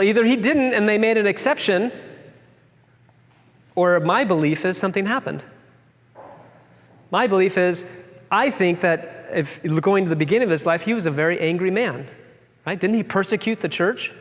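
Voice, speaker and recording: A man's voice: high-pitched, animated, normal speed, pauses often, big-room sound. A man leading a casual Bible discussion, thinking aloud with many restarts and open questions.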